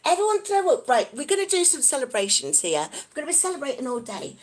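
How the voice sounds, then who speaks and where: Bubbly high-pitched woman vlogger. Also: fast talker. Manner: bubbly, giggly, excitable. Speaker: vlogger reading live chat. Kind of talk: casual live-stream chat.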